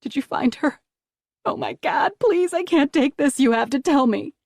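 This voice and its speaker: A woman's voice: fairly low pitch, moderate pace, creaky, husky, no echo, clean studio sound. A woman reader voicing a distraught middle-aged mother who speaks sharply and indignantly. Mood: panicked. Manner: sharp, indignant, rising to cries.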